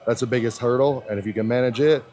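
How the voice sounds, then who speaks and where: A man's voice: mid-range voice, fairly even intonation, quick pace. A man working as a personal trainer, calling out terse commands and counting reps aloud. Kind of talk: gym coaching. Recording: background music.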